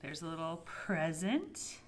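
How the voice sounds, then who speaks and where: A woman who is a children's librarian leads a toddler storytime in a playful, animated way. She gasps in surprise and drops into hushed asides. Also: low voice, a little slow, a little hiss or hum.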